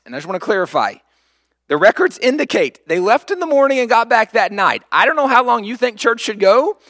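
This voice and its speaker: High-voiced man telling a sermon story. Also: no room sound, studio quality. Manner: animated storyteller, acts out quoted lines. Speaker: pastor.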